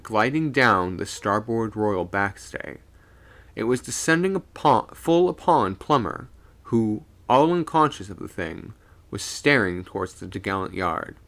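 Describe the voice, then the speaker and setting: A man reading a spooky sea story aloud on a live stream, animated, with small stumbles and self-corrections. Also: lowish voice.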